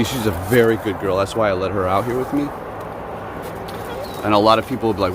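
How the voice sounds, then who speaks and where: A man's voice: fast talker, noisy background. A man filming a moose from his home in a casual vlog, chatting and sometimes talking to his dog. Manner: chatty, talks to his dog in a high playful voice. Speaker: vlogger.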